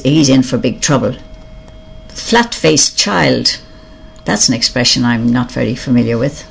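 An older speaker with an Irish accent reads out a list of words one by one, slowly musing on each meaning and often admitting they are unsure. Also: medium pitch, creaky, husky. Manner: slow, musing, reads each word aloud, then explains it or admits not knowing. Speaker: reader of a word list. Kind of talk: reading and explaining a word list.

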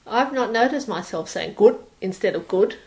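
A middle-aged Australian woman from Sydney, reading a passage aloud and then chatting about her life in a relaxed, hesitant way with many fillers. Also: medium pitch, normal speed, rough recording. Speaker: performer reading a passage and talking about herself. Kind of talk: reading aloud, then casual personal talk.

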